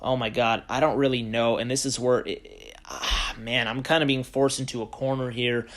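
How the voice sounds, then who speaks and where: A man talks straight to his viewers about an album, thinking aloud as he goes. He rambles, circles back, and fills gaps with loose fillers in a mid-pitched voice. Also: fairly even intonation, normal speed, fairly bright tone. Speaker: music reviewer vlogger. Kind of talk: casual unscripted talk to camera.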